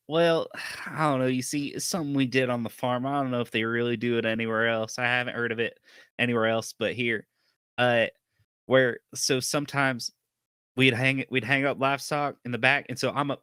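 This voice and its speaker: A man's voice: medium pitch, a bit bright, clear, resonant tone, dry recording, clean studio sound, natural voice. A man voicing a shy young farmhand boxer with a folksy drawl, stammering and flustered.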